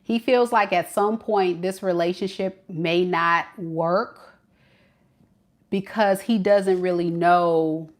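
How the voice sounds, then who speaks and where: A woman giving a live tarot reading, talking in an animated, casual and slangy way. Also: lowish voice, slow. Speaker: tarot reader.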